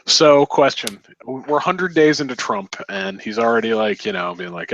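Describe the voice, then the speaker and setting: A man's voice: medium pitch, big pitch swings, normal speed, few pauses, dry recording, lo-fi sound. A man co-hosting a casual podcast, making dry, wry asides. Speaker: podcast co-host. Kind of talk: casual group chat.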